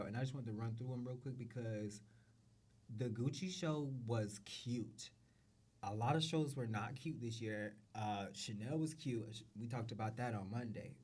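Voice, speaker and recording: A man's voice: medium pitch, darkish tone, breathy edge. A man hosting a show, talking casually and profanely about runway looks, repeating phrases and trailing off. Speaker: show host. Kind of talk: casual fashion commentary.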